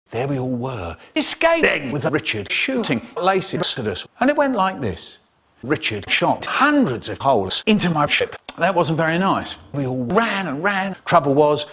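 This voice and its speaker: A man telling a comic story in an animated way, with sudden high bursts. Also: breathy edge. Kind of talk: comic storytelling, spliced clips.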